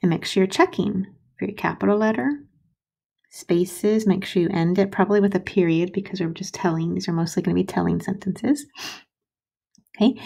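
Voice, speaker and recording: Lady teacher talking to little kids, slow and patient, a bit gravelly, warm mellow tone. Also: mid-range voice. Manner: slow, patient, spelling words out for young children. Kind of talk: recorded early-grade writing lesson.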